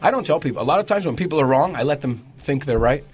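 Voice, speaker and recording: Male radio host, mid-pitched and very lively, playful studio talk. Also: quick pace, slightly rough, soft background music. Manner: animated and jokey, acts out quoted phrases. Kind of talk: lively studio talk show, teaching everyday phrases.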